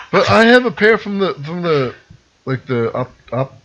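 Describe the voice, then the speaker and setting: A man, co-hosting a casual podcast chat at home, animated and quick to laugh. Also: high-pitched, background noise. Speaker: podcast co-host. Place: house, over beers. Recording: dull lo-fi recording.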